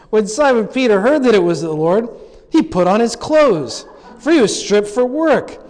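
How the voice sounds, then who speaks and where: High-voiced guy preaching, jokey storytelling, big echoey church sound. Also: slow. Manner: animated storytelling, acts out quoted lines with humor. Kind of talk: sermon.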